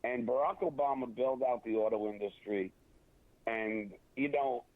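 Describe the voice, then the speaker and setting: A man's voice: medium pitch, dry recording. An opinionated man on a phone call, stumbling through restarts and fillers as he makes his point. The line is thin and tinny, and the sound is dry and close. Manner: halting, many restarts and fillers. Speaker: guest. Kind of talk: casual interview over a phone line.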